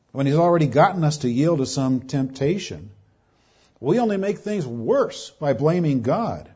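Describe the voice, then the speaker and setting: Emphatic preacher man, husky and warm. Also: a little high. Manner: emphatic, repeats key phrases. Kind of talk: expository sermon. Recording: dull lo-fi sound.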